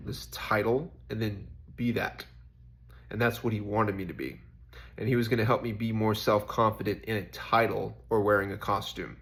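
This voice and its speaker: A man's voice: on the low side, gravelly, a bit bright. A young man in a casual, reflective faith vlog, rambling and questioning himself with lots of fillers. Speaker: faith vlogger.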